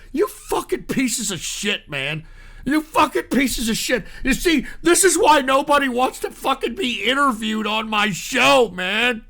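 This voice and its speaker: A man's voice: extremely high pitch, expressive, normal speed, vocal fry, pushed and bright. A man hosting a live call-in show, ranting angrily and swearing at his chat. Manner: angry, profane, ranting at chat.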